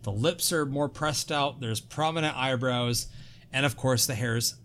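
A man hosting a podcast in casual chat, excitable, jokey and full of swearing. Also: medium pitch, a little slow, a little hiss or hum. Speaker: podcast host.

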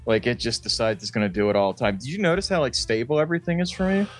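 A man's voice: medium pitch, rapid-fire, faint music behind. A man co-hosting a podcast, rambling through casual chat, swearing often and laughing a lot. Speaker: podcast co-host.

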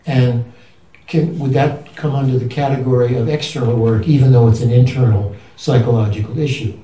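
A man asking a long, halting question at a retreat, often restarting and searching for his words. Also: medium pitch, fairly even intonation, dark tone, echoey room, far from the mic, poor audio. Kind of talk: rambling spoken question.

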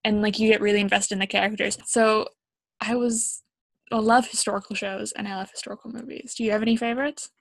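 A woman's voice: mid-range voice, level tone, fast, creaky, no room sound. A young woman from Canada co-hosting a casual chat, talking with many ums and likes. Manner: chatty, frequent ums and likes.

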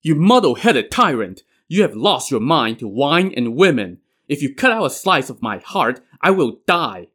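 A stern, loyal elderly minister, put on by a man reading the story. He declaims his lines with righteous force, in an everyday mid-pitched voice. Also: moderate pace, a bit bright, lightly acted. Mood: indignant.

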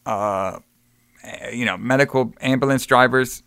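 A man's voice: medium pitch, measured pace, creaky, a bit bright, smooth, no room sound, studio quality. A man co-hosting a podcast, retelling a movie in a rambling, casual way with plenty of swearing. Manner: rambling, swearing, acts out quotes with laughs. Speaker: podcast co-host. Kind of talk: casual movie review chat.

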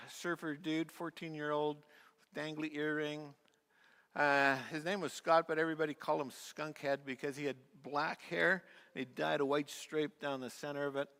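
A man preaching a sermon as pastor, telling a story with many fillers and restarts, and dropping to a soft, quiet voice at key points. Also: on the high side, smooth. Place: church sanctuary. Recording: long reverb of a church hall.

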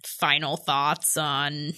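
A woman co-hosting a casual podcast, thoughtful and quick to laugh. She speaks very slowly in a lowish, bright voice. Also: little pitch movement, clear, resonant tone. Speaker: podcast co-host. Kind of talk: casual chat.

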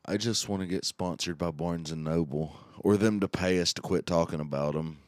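Deep-voiced man, crude joking chat. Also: normal speed, a little mellow, no room sound, clean studio sound. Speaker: podcast guest. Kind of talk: casual chat.

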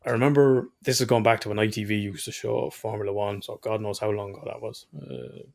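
Irish man, deep-ish, gravelly, casual podcast chat, swears a lot. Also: fairly even intonation, a little fast, darkish tone. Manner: swears freely, rambling storyteller. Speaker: podcast co-host.

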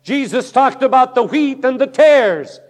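A man's voice: very high-pitched, animated, a little slow, in a large hall. A man preaching a sermon as pastor, emphatic and declaiming, quoting scripture with force.

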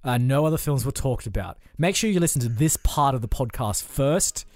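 A man's voice: medium pitch, animated, a little fast, darkish tone, no echo. A man in a medium voice co-hosts a podcast in loose comedic banter. He is playful, agrees readily and laughs a lot. The sound is dry and close-miked. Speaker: podcast co-host. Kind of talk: casual comedic chat.

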